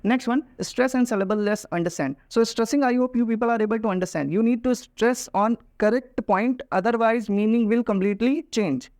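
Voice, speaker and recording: Hesitant teacher, dry sound. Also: male voice, very high-pitched, a little mellow, no room sound. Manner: hesitant, many "uh" pauses, addresses viewers directly. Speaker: English pronunciation teacher. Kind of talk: classroom-style video lesson.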